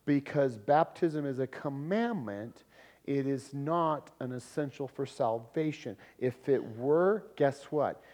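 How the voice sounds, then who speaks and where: A man preaching a sermon in a lively, conversational way, with laughs and sudden loud emphasis. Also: mid-range voice, takes it slowly. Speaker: pastor.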